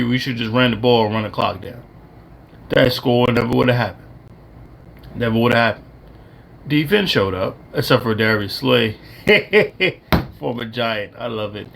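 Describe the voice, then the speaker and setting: A man's voice: medium pitch, creaky, fairly bright tone. A man co-hosting a casual sports podcast, blunt and trash-talking, laughing at rival teams. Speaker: co-host.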